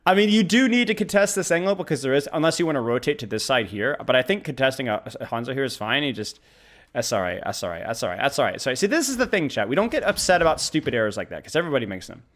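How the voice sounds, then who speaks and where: A high-voiced man running a live game coaching stream. He swings his pitch widely and talks in excitable bursts, repeating phrases as he coaches. A man coaching a player over a game replay. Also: rapid-fire, hardly any pauses.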